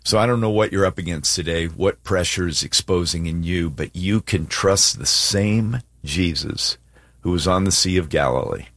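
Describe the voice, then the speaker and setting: A man's voice: moderate pace, no room sound, clean studio sound. A man co-hosting a casual Bible discussion, acting out quotes with big swings in his voice. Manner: animated, acts out quotes with swings in pitch. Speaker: co-host of a faith talk show.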